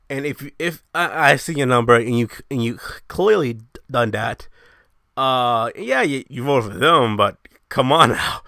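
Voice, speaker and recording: A young man hosting his own show, ranting in a brash, profane, animated way. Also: a little high, dry recording, studio quality. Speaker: show host. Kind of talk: casual ranting monologue.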